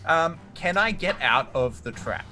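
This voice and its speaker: A man's voice: on the high side, expressive, a little slow, pushed and bright, soft background music. A man playing a tabletop game, talking casually, joking and swearing freely. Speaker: player.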